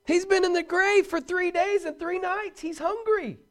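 A man preaching a sermon, animated and emphatic, with touches of humor and repeated words for stress. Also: extremely high pitch, normal speed.

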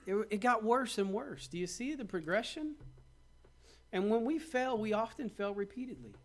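A man's voice: sits high, very animated, moderate pace. A man preaching a sermon, with dramatic quoted asides and rhetorical questions. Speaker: pastor.

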